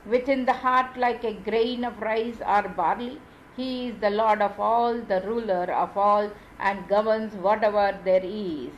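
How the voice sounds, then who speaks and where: A woman reading scripture aloud in a measured, deliberate way, with small slips and restarts. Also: fairly high pitch, a little hiss or hum, rough recording. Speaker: reader of scripture.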